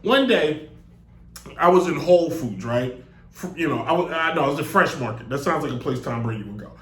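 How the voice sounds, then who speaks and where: A man's voice: fairly high pitch, expressive, fairly quick, a bit bright. A man hosting a live sports talk show, rambling and joking with lots of digressions into a desk mic. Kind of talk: casual live show monologue. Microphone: desk mic on a stand. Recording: echoey room.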